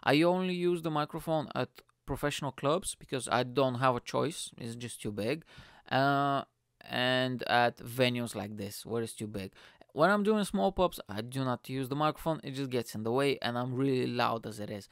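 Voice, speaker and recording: Man, gravelly yet smooth voice, dry close sound, rambling casual storytelling, swears a lot. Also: medium pitch, normal speed, no echo. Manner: rambling, profane, animated quotes. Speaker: stand-up comedian.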